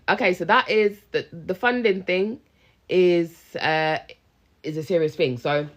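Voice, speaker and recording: A young woman, a business coach, chatting casually and animatedly on a phone live stream, full of slang and talking straight to her viewers. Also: lowish voice. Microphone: handheld phone live stream.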